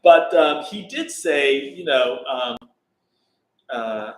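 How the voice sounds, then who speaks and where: A man's voice: mid-range voice, expressive, slow pace. A man, a meditation teacher, tells a teaching story informally, rambling with many fillers and restarts, in an echoey room. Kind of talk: dharma talk, storytelling.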